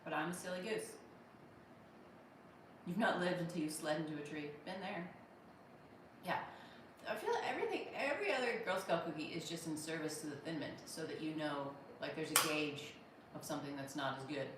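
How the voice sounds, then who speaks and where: A woman's voice: deep voice, lively intonation, moderate pace, recorded from a distance, background noise. An American woman in her thirties hosting a casual livestream, joking and thanking viewers by name in a wry tone. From United States. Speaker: livestream host reading viewer comments. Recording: roomy echo from off-mic.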